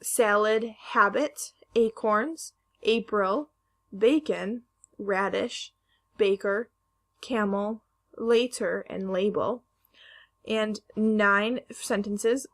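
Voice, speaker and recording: Woman, primary teacher, recorded phonics lesson, patient and deliberate, a little gravelly. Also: medium pitch. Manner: slow, careful, stretching sounds to model pronunciation.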